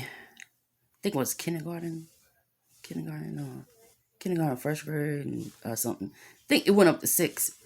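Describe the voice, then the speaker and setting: A woman, telling a story about her son in an angry rant full of profanity. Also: sits low. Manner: angry, profane, talks with lots of cussing.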